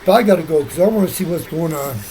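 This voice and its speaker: A man's voice: a little high, fast talker, dark tone, low-quality recording. A man vlogging in a rambling casual monologue, often repeating himself and restarting sentences.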